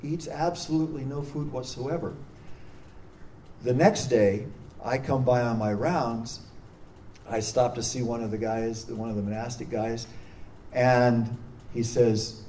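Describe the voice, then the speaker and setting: Mellow-voiced priest telling a story. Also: male voice, medium pitch, fairly even intonation, measured pace, long pauses. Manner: earnest, anecdotal, with frequent restarts. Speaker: prison chaplain, priest. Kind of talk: storytelling talk. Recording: distant mic with faint noise.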